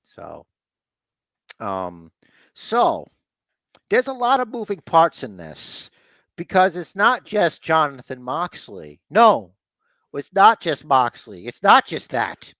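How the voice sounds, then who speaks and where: A man's voice: on the high side, wildly swooping pitch, slow pace, long pauses, a bit bright, dry recording. A man hosting a casual podcast chat, rambling, blunt and sometimes profane. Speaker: podcast host.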